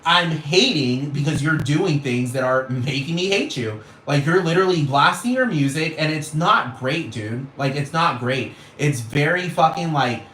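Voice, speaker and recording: A man's voice: on the high side, lively intonation, moderate pace, hardly any pauses, a bit bright. A man in a rambling, profane rant, scoffing and exasperated, with constant swearing. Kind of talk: profane ranting monologue. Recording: echoey room with faint noise.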